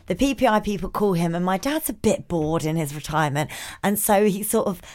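A woman's voice: on the low side, brisk, darkish tone. A woman co-hosting a podcast, chatting in a playful, rambling way. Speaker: podcast co-host. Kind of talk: casual chat.

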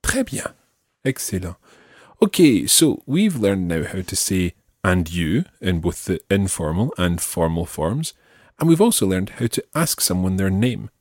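Low-voiced man teaching French. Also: very animated, no room sound, clean studio sound. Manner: slow, carefully enunciated model phrases. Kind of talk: language lesson.

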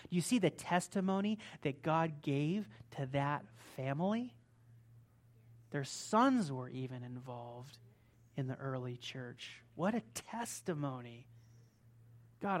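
A man preaching a sermon, reading scripture aloud and commenting on it, talking emphatically and straight to his listeners. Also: a little high.

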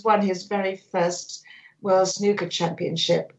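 An older woman, a sports photographer, telling animated stories in a radio interview and acting out quotes. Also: mid-range voice, measured pace, muffled recording. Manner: animated storyteller, acts out quotes.

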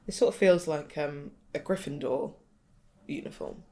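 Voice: mid-range voice, normal speed, darkish tone. Hesitant podcast guest. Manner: hesitant, lots of ums and trailing off. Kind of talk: casual chat.

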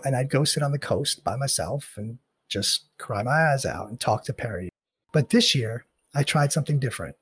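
A man's voice: medium pitch, breathy edge. A middle-aged man as a podcast guest, speaking candidly in an earnest, reflective way and repeating phrases for emphasis. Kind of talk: candid interview talk.

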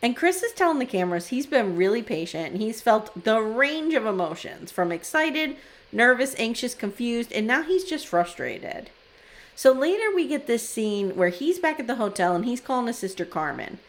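A podcast co-host in her forties, with a fairly high voice and moderate pace, animatedly retells scenes in casual chat. She acts out the quotes as she goes.

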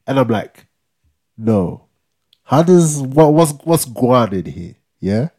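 A man's voice: mid-range voice, very animated, slow pace, dark tone. A young man, co-hosting a podcast and animatedly retelling a story, acting out quotes with slang and tagging lines with "yeah?". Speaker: podcast co-host. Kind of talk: casual storytelling chat.

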